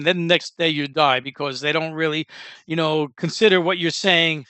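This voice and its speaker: A man rambles through casual commentary in a high, bright voice, full of sarcastic asides and fillers. The sound is dry and close, with no room around it. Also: fairly even intonation, normal speed, clear, resonant tone, dry recording. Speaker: commentary show host.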